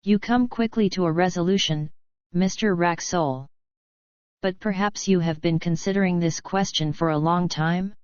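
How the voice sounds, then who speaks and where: A woman voicing a polite, measured male hotel owner in an audiobook. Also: fairly low pitch, clean tone, no echo, lo-fi sound, lightly acted. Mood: courteous. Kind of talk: audiobook narration.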